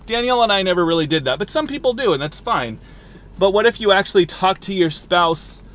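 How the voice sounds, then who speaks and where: A man's voice: sits high, animated, a little fast, fairly bright tone. A man in his thirties vlogging casually to a handheld camera from his car, rambling and joking. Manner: rambling, playful, jokey.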